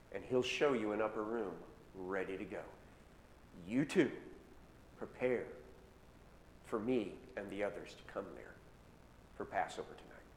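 A man preaching a sermon and retelling scripture in casual modern words, slowing down to stress key phrases. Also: medium pitch, a little mellow. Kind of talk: sermon storytelling. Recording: echoey hall with long reverb, faint noise.

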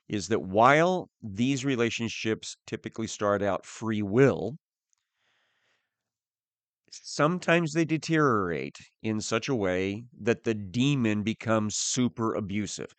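Slow, low-voiced male preacher. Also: lively intonation, no echo. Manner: slow, deliberate teaching with pauses. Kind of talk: sermon.

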